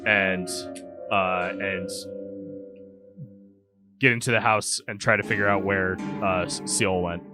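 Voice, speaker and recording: A man playing a tabletop game, describing his character's actions in halting, restarting sentences. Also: low-pitched, steady tone, music in the background. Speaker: player.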